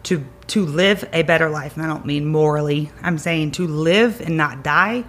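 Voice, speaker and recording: This woman, a chiropractor from the Greenville County area in South Carolina, talks in a low voice at a moderate pace on a podcast. She offers energetic, emphatic advice and keeps repeating key words to drive them home.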